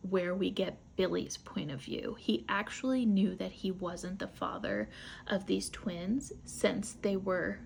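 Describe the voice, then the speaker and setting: Woman host, casual book-club recap, light fry in the voice. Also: mid-range voice, slight background noise. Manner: chatty, rambling retelling with asides.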